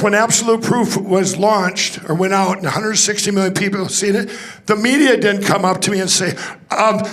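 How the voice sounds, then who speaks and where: A man's voice: high-pitched, fairly bright tone. A man speaking to a conference audience, telling a rambling story with restarts and acting out the dialogue. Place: conference hall stage.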